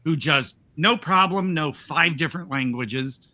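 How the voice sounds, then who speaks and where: A man's voice: fairly high pitch, unhurried, sharp tone. An older man from the United States hosting a podcast, chatting casually, rambling and restarting his sentences with frequent laughs. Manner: rambling, self-interrupting, laughs often. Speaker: podcast host. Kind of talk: casual chat.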